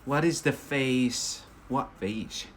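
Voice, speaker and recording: A man's voice: medium pitch, slow, fairly bright tone. A British man running a casual live English lesson, chatty and jokey, often breaking into laughter. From Britain.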